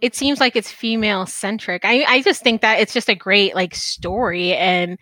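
A woman's voice: medium pitch, normal speed, sharp tone, dry recording. A woman hosting a casual podcast interview, gushing and laughing often. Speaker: podcast host.

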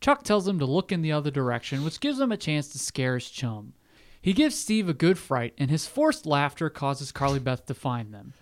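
A man's voice: on the high side, big pitch swings, normal speed. A man co-hosting a podcast, reading out a plot summary with jokey asides in casual chat. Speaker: podcast co-host recapping an episode.

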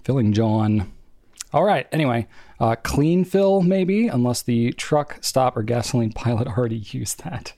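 A man's voice: medium pitch, animated, mellow, no room sound. Young male co-host, easygoing rambler, dry close sound, mid-range voice. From family from New England. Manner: chatty, rambling, quick asides. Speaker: podcast co-host. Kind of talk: casual chat.

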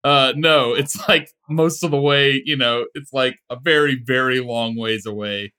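A man guesting on a podcast, chatting about a book with wry, deadpan humor. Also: mid-range voice, measured pace, clean tone. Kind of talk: casual book discussion.

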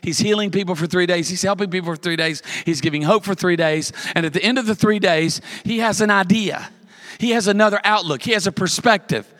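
Lively, animated male pastor preaching. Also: sits high, a little fast. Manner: lively storytelling preacher with repetition and humor; builds to emphatic lists. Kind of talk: sermon.

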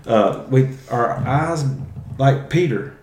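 A man's voice: mid-range voice, expressive, slow pace, a little mellow, roomy sound, a little hiss or hum. A man hosting a casual Bible teaching podcast, talking conversationally and often restarting his phrases. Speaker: podcast host.

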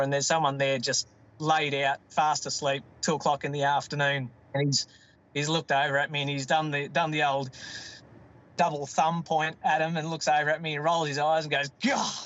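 A middle-aged Australian man spinning a yarn with plenty of restarts and ums, his voice sitting a touch high for a man. The sound is muffled and lo-fi. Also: fairly bright tone. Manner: rambling, self-interrupting, laughs at his own stories. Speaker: guest. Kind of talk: casual storytelling.

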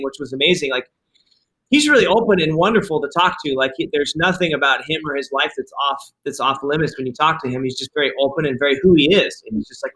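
Male director, rapid and bright, playing out the dialogue as he tells it. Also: a little high, low-quality recording. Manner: animated, acts out quoted dialogue. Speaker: film director. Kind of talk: casual interview storytelling.

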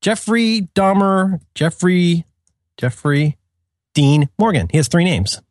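A man's voice: sits high, slow, no room sound, studio quality. A middle-aged man chatting casually as a podcast co-host, rambling with many restarts and laughing at his own jokes. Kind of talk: casual chat.

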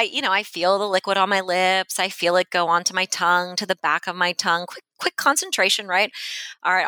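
A woman speech-language pathologist appears as a podcast guest, walking through simple exercises in a friendly, instructive way and often checking in with "right?". Her medium-pitched voice is bright and forceful, with no room sound, on a low-quality recording.

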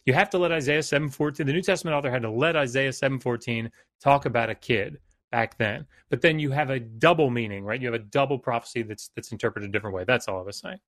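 A man's voice: mid-range voice, fast talker, hardly any pauses, fairly bright tone, no room sound, clean studio sound. A man on a live talk stream who repeats words and restarts sentences while he builds an argument. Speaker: panelist. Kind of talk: casual debate chat.

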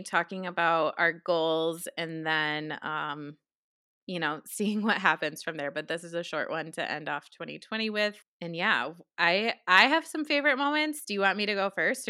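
Bright-voiced young New York woman. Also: lowish voice, normal speed, clean tone, no room sound, studio quality. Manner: animated, laughing, frank. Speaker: podcast co-host. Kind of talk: casual podcast chat.

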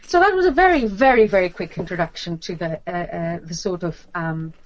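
A woman giving a lecture on literature and folklore, talking with many fillers, restarts and pauses. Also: fairly low pitch, highs cut off.

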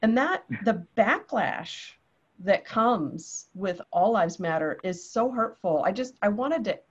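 A woman's voice: medium pitch, takes it slowly, husky. A woman speaking in a heartfelt, reflective way in a panel discussion. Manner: heartfelt, reflective, quotes others in lively voices. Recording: dull lo-fi audio.

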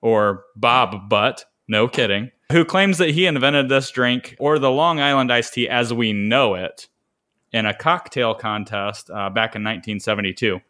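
A man's voice: mid-range voice, a little slow, sharp tone. A man with a Northwest Ohio accent co-hosting a casual podcast chat, telling stories and laughing often. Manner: chatty storyteller, laughs often. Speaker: podcast co-host.

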